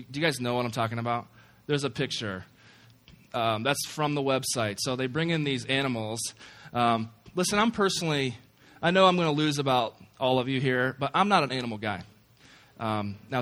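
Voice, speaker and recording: Guy preaching to college kids, bright voice, jokey and loose, quiet prayer at the start. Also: mid-range voice. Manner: conversational and joking, self-deprecating asides. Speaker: campus ministry speaker. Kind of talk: sermon with opening prayer.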